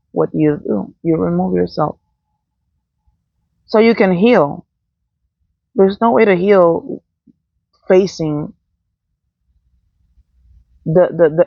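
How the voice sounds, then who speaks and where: Blunt, profane woman with a gravelly voice. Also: fairly low pitch, dry recording. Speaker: vlogger. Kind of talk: unscripted monologue. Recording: dull, dry, lo-fi sound.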